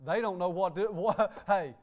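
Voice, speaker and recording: A man's voice: high-pitched, moderate pace. A man preaching a sermon as pastor, emphatic and repeating "hey" and "okay" between phrases. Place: church sanctuary.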